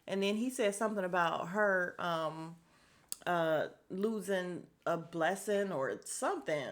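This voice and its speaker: Woman, podcast host, reality show recap, blunt, swears a lot, lowish voice. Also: a little slow. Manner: blunt, animated, swears freely.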